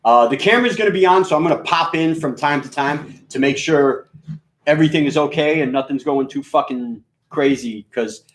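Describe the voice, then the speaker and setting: A man from New York with a mixed New York accent, a radio DJ chatting casually, rambling, profane and joking with lots of fillers. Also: medium pitch. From New York, USA. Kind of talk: casual live-stream chat. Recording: echoey room.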